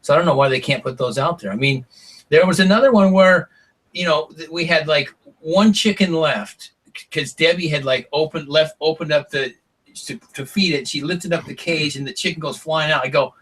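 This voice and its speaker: A middle-aged man guesting on a podcast, telling stories in a lively way, acting out what people said and swearing casually. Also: fairly high pitch, normal speed, breathy edge, distant mic. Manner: animated storyteller, acts out quotes, swears casually. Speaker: podcast guest, former reality show contestant. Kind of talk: casual storytelling interview.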